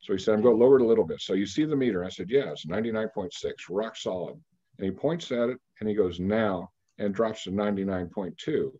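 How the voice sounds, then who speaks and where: Low, mellow-voiced man in his sixties telling a story. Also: slightly rough, lo-fi sound. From Kansas, United States. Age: 60s. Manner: measured, anecdotal storyteller who pauses on fillers. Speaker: interview guest. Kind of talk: storytelling in a radio interview.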